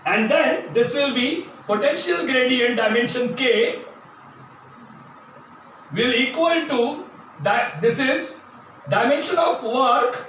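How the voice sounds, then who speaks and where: High-voiced Indian man lecturing physics. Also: slow pace, long pauses, fairly bright tone. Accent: Indian English. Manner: addresses students as "my dear", repeats key terms. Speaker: physics teacher. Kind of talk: classroom lecture at a board. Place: classroom. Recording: very echoey classroom, voice from a distance, faint noise.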